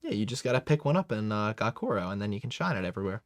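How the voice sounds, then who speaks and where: A man's voice: fairly low pitch, big pitch swings, racing, a little hiss or hum. A man hosting a live watch-along, giving casual, joking commentary with chuckling asides.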